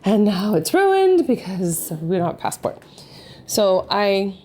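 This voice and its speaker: A woman vlogger telling a family travel story in an animated, rambling way, full of fillers. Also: mid-range voice, a little slow. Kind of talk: casual storytelling to camera.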